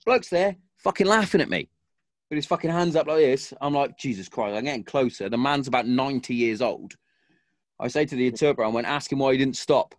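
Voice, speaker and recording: A man's voice: mid-range voice, animated, brisk, dry recording, clean studio sound. A man and army veteran, telling a war story in casual chat with a lot of swearing and acted-out quotes.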